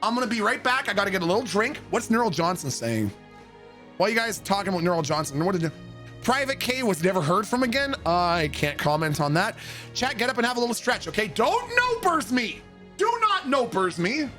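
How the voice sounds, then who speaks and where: A male game streamer telling an army story and chatting with viewers in an animated, joking, profane way. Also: high-pitched, fast talker, faint music behind. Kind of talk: casual storytelling and chat with viewers.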